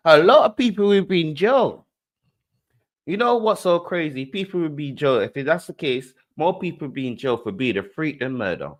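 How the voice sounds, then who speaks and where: A man hosting a casual livestream, talking in animated bursts and repeating his points. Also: brisk. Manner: animated, repeats himself, swings in pitch. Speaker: host.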